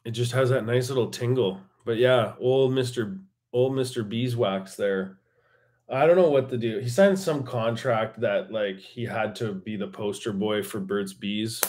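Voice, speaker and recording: A man's voice: lowish voice, unhurried, a little mellow. A man with an Albertan accent hosting a casual solo podcast from his bedroom, rambling and joking with lots of restarts. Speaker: podcast host. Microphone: table mic.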